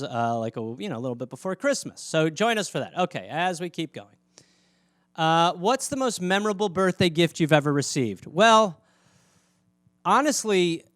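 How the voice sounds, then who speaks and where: A man's voice: on the high side, smooth, dry recording, clean studio sound. Rambling, profane American man. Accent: American Midwestern. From Wisconsin, USA. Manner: rambling, profane, self-mocking. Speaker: comedian host answering fan questions. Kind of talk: casual solo chat.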